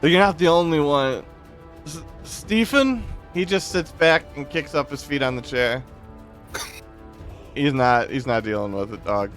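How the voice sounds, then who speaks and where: A man's voice: mid-range voice, moderate pace, a bit bright, faint music behind. A man narrating and ruling as dungeon master of a tabletop game, easygoing and focused on the rules.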